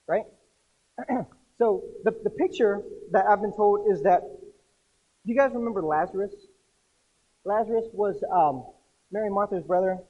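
A man preaching a casual sermon to a group, chatty and animated, acting out voices in his stories. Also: sits high, phone-quality sound. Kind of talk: conversational sermon.

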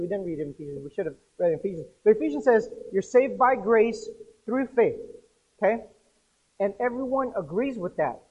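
A man preaching a casual sermon to a group, chatty and animated, acting out voices in his stories. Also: very high voice, dull audio. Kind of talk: conversational sermon.

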